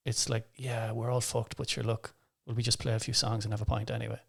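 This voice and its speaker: Wry Irish man with a gravelly voice. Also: mid-range voice, flat delivery, quick pace. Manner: wry, grumbling, self-deprecating. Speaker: stand-up comedian, guest. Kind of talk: casual podcast interview.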